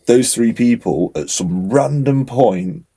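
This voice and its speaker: A young man co-hosting a podcast, telling stories in an animated, casual way with lots of fillers. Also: medium pitch, slow pace, breathy edge. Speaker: podcast co-host. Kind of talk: casual chat.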